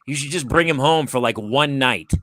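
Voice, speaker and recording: Brief: male chat-show host, bright and blunt, dry close sound. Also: medium pitch, normal speed, dry recording. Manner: blunt, laughs at his own stories. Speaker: podcast host. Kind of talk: casual chat.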